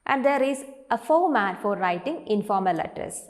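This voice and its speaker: A woman teacher with an Indian English accent, giving an online classroom lesson. She stretches words out slowly to show their syllables and asks the class questions, then answers them herself. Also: mid-range voice, lively intonation. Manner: slow, drawn-out pronunciation of words when showing their syllables. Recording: long reverberant hall sound.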